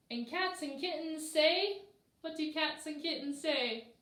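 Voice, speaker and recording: Slow sing-song woman reading storytime. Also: high-pitched, a bit bright. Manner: slow, sing-song and encouraging with little ones. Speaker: children's librarian. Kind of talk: storytime reading and rhymes for babies. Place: library room. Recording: echoey room.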